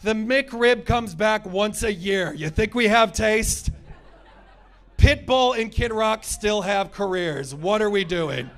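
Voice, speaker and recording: A man's voice: sits high, lively intonation, slow pace, a bit bright. A man in his thirties doing a stand-up comedy set, with crude, sarcastic crowd work. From United States. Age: 30s.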